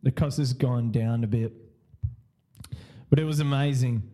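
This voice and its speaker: A man's voice: medium pitch, steady tone, measured pace, mellow. A man hosting a podcast, telling a story casually in a rambling, repetitive way, laughing often and swearing freely. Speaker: podcast host.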